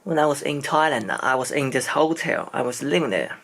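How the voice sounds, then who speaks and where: A man's voice: mid-range voice, lively intonation, fairly quick, fairly bright tone. A man from China, speaking English and telling a personal story in a casual vlog, hesitant and searching for words. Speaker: vlogger.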